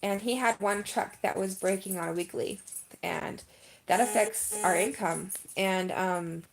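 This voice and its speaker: Gravelly-voiced chatty woman. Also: medium pitch, unhurried, slight background noise. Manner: chatty and emphatic, heavy use of "like" and "um". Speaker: vlogger. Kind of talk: casual live-stream chat.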